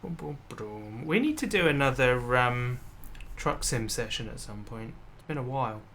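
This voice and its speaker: Relaxed chatty man gaming on stream. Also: medium pitch, normal speed, slight background noise. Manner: relaxed, chatty, muttering game actions to himself. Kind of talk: casual gaming chat.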